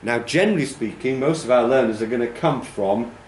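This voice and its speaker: A man's voice: mid-range voice, fairly quick, reverberant, slight background noise. A man teaching a training class, explaining pronunciation and demonstrating stress patterns aloud. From United Kingdom. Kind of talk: classroom lecture.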